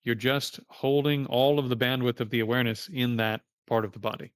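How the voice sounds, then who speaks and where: Male meditation teacher on a livestream, mid-pitched, loose and plain-spoken, with an occasional curse, dry close sound. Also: fairly even intonation, brisk, clean tone, dry recording. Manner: casual, plain-spoken, curses now and then.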